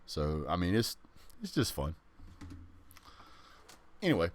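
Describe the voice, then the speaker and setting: Deep voiced guy hosting a sports stream, laid back, rambling casual chat. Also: wildly swooping pitch, slow. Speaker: host of a sports channel.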